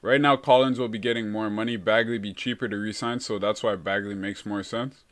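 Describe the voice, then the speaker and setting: A young man hosting a relaxed live stream, reading viewer comments and calling everyone bro. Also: lowish voice, fairly quick. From Canada. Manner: laid-back, calls everyone bro.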